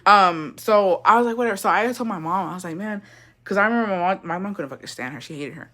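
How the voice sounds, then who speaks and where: Woman, 20s, bright voice, swears a lot, gossipy storytime livestream host. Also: mid-range voice, fast talker. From Mexico. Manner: chatty, profane, gossipy, reads chat aloud.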